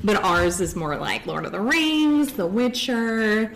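A woman in her thirties co-hosting a live convention panel, chatty and animated, full of fillers as she tells stories. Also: mid-range voice, slow pace, a little hiss or hum. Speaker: co-host. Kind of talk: casual live panel chat. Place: convention stage before a live audience.

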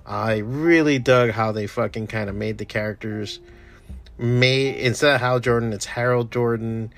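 Chatty man, loose profane vlog talk, bursts of excitement then mumbles, soft music under. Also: mid-range voice, moderate pace, gravelly. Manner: profane, enthusiastic, trails off into mumbles. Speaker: comic artist streamer. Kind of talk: casual rambling chat.

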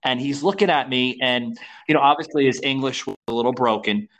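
A man's voice: mid-range voice, a little fast, fairly bright tone. An American man from Florida hosting a podcast, talking casually with many repeats and "you know". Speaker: podcast host. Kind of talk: casual interview chat.

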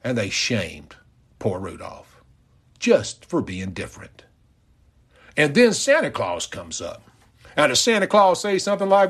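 A man's voice: medium pitch, wildly swooping pitch, measured pace, pauses often, fairly bright tone, slightly rough. A man hosting a podcast, retelling a story in a folksy, mock-outraged way. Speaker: podcast host.

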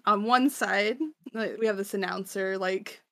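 A woman's voice: medium pitch, fairly even intonation, measured pace, a bit bright, no echo, studio quality. A woman co-hosting a podcast, recapping chapters in casual chat, full of fillers and laughter. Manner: chatty, lots of fillers and laughter. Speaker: podcast co-host.

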